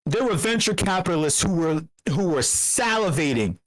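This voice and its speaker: A woman's voice: lowish voice, expressive, moderate pace, poor audio. A woman giving a heated, profane rant in an online voice channel, blunt and repeating herself when she gets going. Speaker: speaker at a community meetup.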